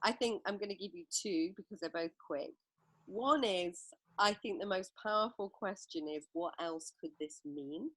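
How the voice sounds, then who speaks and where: A woman's voice: mid-range voice, normal speed, fairly bright tone, no room sound. A middle-aged woman from England, a book author, telling reflective anecdotes as a guest in a podcast interview.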